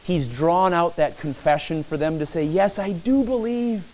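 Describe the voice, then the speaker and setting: A man's voice: a little high, moderate pace, a little mellow, poor audio. A man preaching a sermon as pastor, earnest and repetitive, often addressing the listeners as friends.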